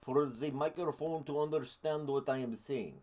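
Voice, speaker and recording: A man doing a jokey, exaggerated impression of a speaker with a heavy mock Russian accent, talking in a stiff, deliberate way. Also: a little high, warm tone, lightly acted. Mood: mock-serious. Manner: joking, exaggerated, deliberately stilted.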